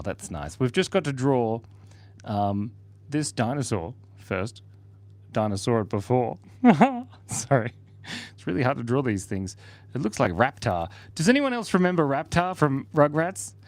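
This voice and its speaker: A man hosting a casual livestream, drawing while he reads out viewers' chat messages, joking and laughing as he goes. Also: medium pitch.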